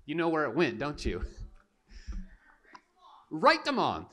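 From the pulpit of a church sanctuary, a young male pastor tells a comic story into a stage mic as a storytelling sermon, mugging through his characters' voices. Animated and self-mocking, he speaks slowly, his pitch jumping high and shouting at big moments before settling into a relaxed, conversational tone.

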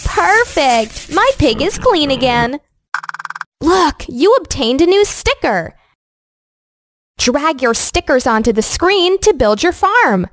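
A young woman giving slow, scripted, encouraging narration to young children in a game, like a preschool teacher, recorded close to the mic. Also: high-pitched, sing-song, no echo.

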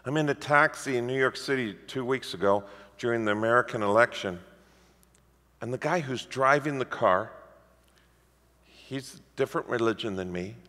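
A man preaching a sermon as the pastor, telling stories in a lively, animated way. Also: mid-range voice, normal speed. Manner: lively storytelling preacher, animated swings in loudness. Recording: reverberant hall.

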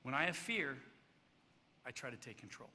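A man's voice: mid-range voice, very animated, moderate pace, bright, forceful tone. A man preaching a sermon in a conversational way, with rhetorical questions and restarts. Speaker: pastor. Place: church. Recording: long church hall reverb.

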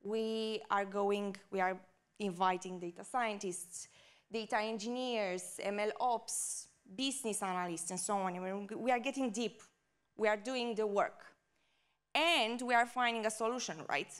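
A woman's voice: mid-range voice, steady tone, a little slow, smooth. A woman giving a conference talk. She speaks with enthusiasm, often checks in with "right?", and her microphone cuts out at times. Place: conference stage.

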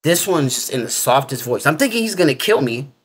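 This interview guest is very animated and fairly quick, his medium-pitched voice husky with a fairly bright tone. He tells his story loosely, rambling, using "like" constantly and speaking with informal grammar.

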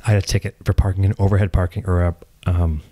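A man's voice: low voice, flat delivery, fast, mellow, no echo. A man hosting a casual podcast chat, rambling through a story with lots of restarts and casual swearing. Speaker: podcast host.

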